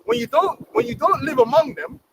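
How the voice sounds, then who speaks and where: A man's voice: very high voice, expressive, brisk. A man hosting a livestream discussion, emphatic and preachy, using street slang. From England. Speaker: livestream host. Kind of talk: heated casual discussion. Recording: distant mic, noisy room.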